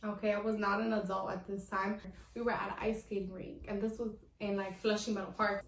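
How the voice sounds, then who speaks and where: A woman's voice: mid-range voice, fairly quick, creaky, slight background noise. Chatty young woman telling stories. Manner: animated, chatty, slangy, laughs at herself. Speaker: vlogger. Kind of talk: casual storytelling. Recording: echoey room, voice from a distance.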